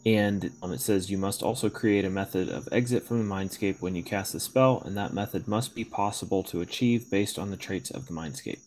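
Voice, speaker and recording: Deep-voiced man running a tabletop game. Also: darkish tone, faint music behind, poor audio. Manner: measured, rules-minded, hesitant fillers. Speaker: game master.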